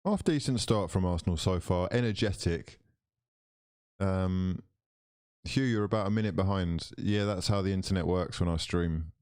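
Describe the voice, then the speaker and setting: A man doing live commentary for his football watchalong stream, switching between mock commentator patter and loud, excited outbursts. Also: sits low, normal speed, smooth, dry recording, clean studio sound.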